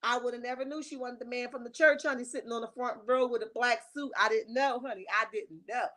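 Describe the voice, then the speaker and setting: A woman's voice: a little high, fairly even intonation, fast, fairly bright tone. Sassy woman gossiping on a livestream. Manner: sassy, emphatic, chatty, reads viewer comments aloud. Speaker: livestream host. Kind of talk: casual reality-TV gossip livestream.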